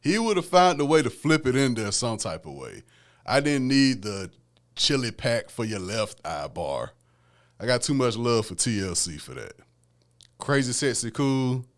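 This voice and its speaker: Speaking at an ordinary speed in a mid-range, sing-song voice, a man runs a podcast by himself. His easygoing music talk is conversational, with frequent "man" and "you know what I'm saying" tossed in.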